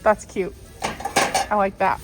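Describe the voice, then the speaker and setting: A woman vlogging casually while she walks through a craft store on her phone, chatty and a little wistful, with soft laughs now and then. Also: mid-range voice, slow pace, noisy background. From United States. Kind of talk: casual shopping vlog chat. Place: inside a large craft store. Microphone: phone held while walking.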